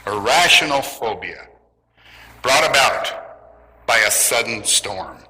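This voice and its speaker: A man preaching to his congregation, easing into his message with a humorous story. His voice is strikingly bright and forward. It rings out with a long reverb through the church hall. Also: mid-range voice, expressive, slow pace. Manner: light, joking storyteller. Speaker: pastor. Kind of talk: sermon with humorous stories. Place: church in Southern California.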